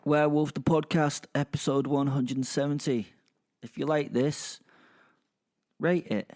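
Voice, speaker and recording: Rambling podcast host. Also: male voice, on the high side, steady tone, measured pace, darkish tone. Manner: rambling, self-deprecating, casual. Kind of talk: casual podcast intro.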